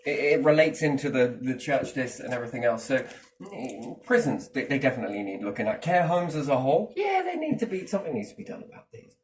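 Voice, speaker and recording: Guy ranting casually, mid pitch, restarts a lot, bit far from the mic. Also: expressive, fast talker, a little hiss or hum. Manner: rambling, opinionated, swears, restarts. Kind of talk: casual chat.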